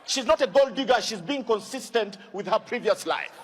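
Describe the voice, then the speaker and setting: A man doing a stand-up routine, calling out loudly to the crowd. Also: high-pitched, lively intonation, normal speed, in a large hall. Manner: loud, calls out to the crowd. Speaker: stand-up comedian. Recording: noisy live stage recording.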